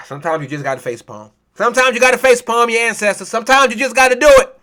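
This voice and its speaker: A male preacher with a very high, bright voice delivers a sermon full of rhetorical questions and biting mockery. He is impassioned and scornful, often dropping into a low, quiet aside. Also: lively intonation, a little fast. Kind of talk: sermon with scripture reading.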